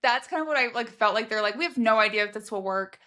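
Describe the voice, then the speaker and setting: A woman's voice: on the high side, animated, fast, bright, forceful tone. A woman co-hosting a book podcast, chatting casually and acting out quotes with expression. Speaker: podcast co-host.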